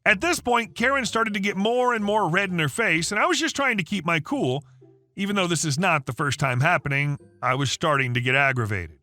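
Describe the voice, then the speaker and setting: A man narrating online stories aloud, in a lively storytelling way. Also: sits high, fairly quick. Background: faint background music.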